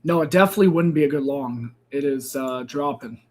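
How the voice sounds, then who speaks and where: A man's voice: mid-range voice, a little fast, a little mellow. A man hosting a live crypto trading stream, thinking aloud and second-guessing himself as he talks through the charts. He says he is losing his voice. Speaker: crypto trading livestream host. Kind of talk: casual live market commentary.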